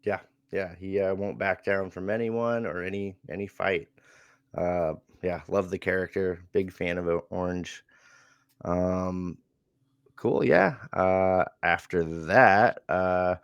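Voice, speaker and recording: A man with a very low voice talks slowly and easily, recapping a wrestling show for a podcast. He chuckles often and fills his pauses with "uh." The sound is dry and close. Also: clear, resonant tone, no room sound, lo-fi sound. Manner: relaxed, chuckles often, many fillers.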